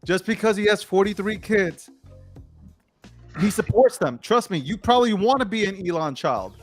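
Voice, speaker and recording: A man's voice: high voice, lively intonation, moderate pace, soft background music. Slangy, emphatic talk-show man. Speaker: co-host of a late-night news show. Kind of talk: casual talk-show commentary.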